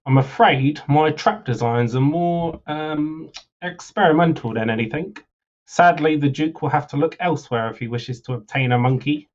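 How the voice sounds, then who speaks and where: A man's voice: fairly high pitch, moderate pace, highs cut off, voice pushed up, natural voice. A man voicing a scheming, sly male scimitar merchant, reading game dialogue aloud with hammy sales patter on a livestream.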